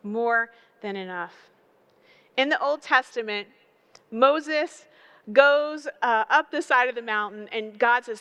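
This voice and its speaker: A woman preaching a sermon, building emphatic repeated phrases and telling animated stories. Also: a little high, takes it slowly, clear, resonant tone. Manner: animated storytelling with acted voices.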